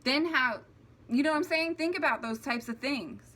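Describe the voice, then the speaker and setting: Speaking at a normal pace in a high, fairly bright voice, this young spiritual vlogger pours her heart out to viewers. She rambles and nearly cries, with many restarts and filler words, in a casual monologue to camera.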